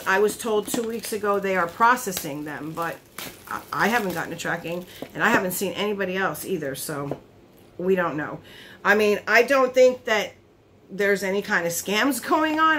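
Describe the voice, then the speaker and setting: A woman vlogger chatting casually as she unboxes beauty products, easily surprised and quick to laugh, recorded on her phone. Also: mid-range voice, expressive, sharp tone, slight background noise.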